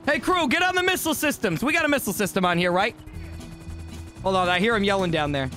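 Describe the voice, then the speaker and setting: Male streamer, very high and bouncy, over-the-top comic roleplayer. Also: lively intonation, quick pace, faint music behind. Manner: over-the-top, goofy, often shouting. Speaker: streamer host. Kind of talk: comedic game roleplay.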